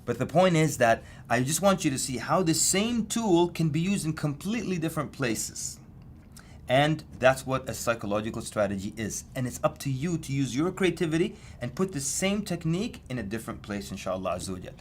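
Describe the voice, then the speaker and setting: A man's voice: a little high, sing-song, brisk, a little hiss or hum. Conversational male lecturer. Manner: conversational, repeats and restarts words. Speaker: Islamic course lecturer. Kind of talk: recorded lecture with anecdotes.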